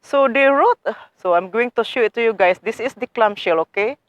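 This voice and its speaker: A woman's voice: a little high, a little fast, dry recording. A woman showing viewers her garden work in a casual how-to vlog, eager and chatty, often calling them guys. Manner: eager, addresses viewers as guys, non-native phrasing. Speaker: gardening vlogger.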